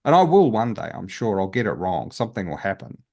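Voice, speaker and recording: A man's voice: fairly low pitch, sing-song, brisk, gravelly, darkish tone. A man, a guest healer, telling his story in a casual interview in an earnest, open way with many restarts.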